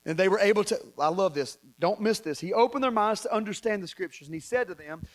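A man with a Southern American accent preaching a sermon, reading scripture and joking with his congregation, swinging from loud to soft. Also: high voice, fast talker. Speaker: pastor.

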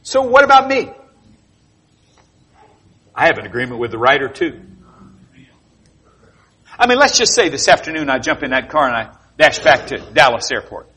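A man preaching a sermon, telling animated, jokey stories with sound effects. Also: mid-range voice, moderate pace, pauses often, slightly rough. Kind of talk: sermon with storytelling.

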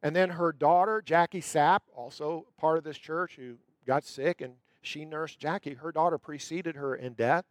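Man, pastor, sermon, high voice, emphatic storytelling, dry close sound. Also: dry recording. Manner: storytelling, emphatic, slows down on key words.

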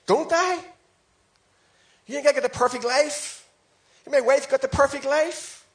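A man's voice: extremely high pitch, measured pace. A man pastor preaching a sermon, exhorting his congregation with emphatic, repeated phrases. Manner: emphatic, repetitive exhortation with rising shouts.

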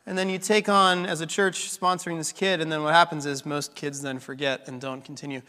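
A man's voice: on the high side, level tone, a little fast, sharp tone. Man preaching in a reverberant hall. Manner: conversational, with fillers and restarts. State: losing his voice a little. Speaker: pastor. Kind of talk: sermon storytelling.

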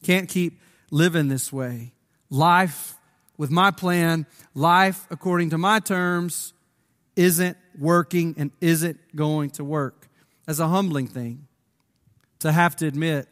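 A pastor delivering a sermon in a fairly high voice, his words ringing out with a long echo around him. He leans on repetition for emphasis and slips into the voices of the people in the story he is telling. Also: measured pace. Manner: emphatic preaching with repeated phrases, voicing biblical speakers.

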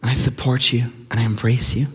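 A man's voice: mid-range voice, flat delivery, brisk, slightly rough. A middle-aged man preaching a sermon as pastor, emphatic and mocking as he acts out quoted voices. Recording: long hall reverb.

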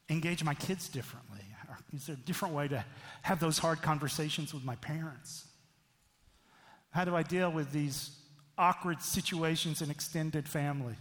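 A man's voice: fairly high pitch, a bit bright, long reverb tail. A middle-aged man preaching a sermon as a pastor, in a conversational way that keeps checking in with the listeners. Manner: conversational, frequent "right?" asides.

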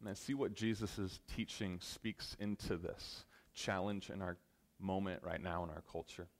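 A pastor with a fairly low voice preaches earnestly, speaking straight to the congregation. He rises to loud, emphatic peaks, then falls to soft, slow lines.

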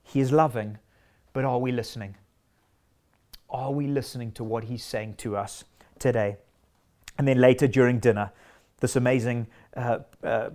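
A man's voice: medium pitch, darkish tone. Earnest male preacher. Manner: earnest, emphatic, with repeated short declarations. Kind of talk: sermon.

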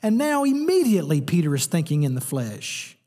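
Animated preacher, higher male voice. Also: a little fast, long reverb tail. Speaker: pastor. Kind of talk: sermon.

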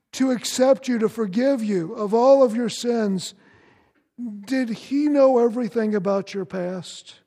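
A man's voice: sits high, warm tone, in a large hall. A man preaching a sermon as pastor, earnest and direct, questioning his congregation.

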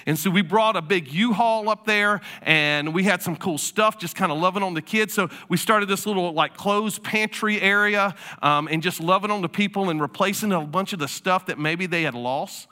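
A man preaching a sermon, originally from South Carolina, telling stories in a relaxed conversational way with casual asides. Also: high-pitched, moderate pace, few pauses. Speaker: pastor.

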